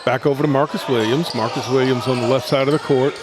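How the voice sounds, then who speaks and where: A man calling live basketball play-by-play from a high school gym, running the action steadily and correcting himself quickly. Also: fairly even intonation, noisy background. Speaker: play-by-play announcer. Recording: gym ambience and ball bounces.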